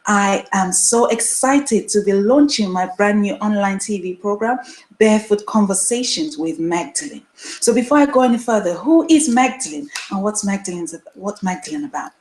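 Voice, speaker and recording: An earnest woman in her thirties from Nigeria hosts her own live online show and talks straight to her viewers. She presses her points home by repeating phrases. The voice sits at a middle pitch and carries a noticeable room echo. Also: expressive, normal speed, darkish tone. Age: 30s. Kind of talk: solo live-stream talk to viewers.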